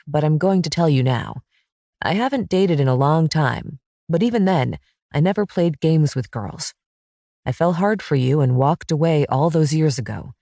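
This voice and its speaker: Woman doing sincere quarterback single dad, low voice, dry close sound, storybook reading. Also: mellow, no room sound. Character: earnest romantic quarterback man, single dad.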